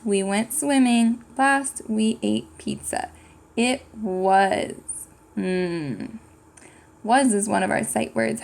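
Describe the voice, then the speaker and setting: Female teacher for young kids: unhurried, patient, slightly gravelly voice. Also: a little high, a little mellow. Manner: patient, thinking aloud and sounding out words. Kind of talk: slow, clear classroom lesson for young children.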